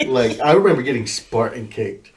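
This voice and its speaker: A young man with a mid-pitched voice, talking quietly and reflectively in casual podcast chat. Faint background noise runs under him. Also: expressive, normal speed. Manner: low-key, reflective storytelling. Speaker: podcast guest.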